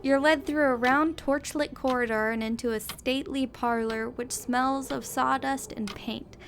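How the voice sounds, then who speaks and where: A sleepy, giggly woman streaming a text game and reading it aloud at a desk microphone. Her voice sits a little high, and a faint background hiss runs underneath. She keeps up an easy, chatty running commentary. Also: fairly even intonation, measured pace, fairly bright tone. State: sleepy, yawning. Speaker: gaming streamer.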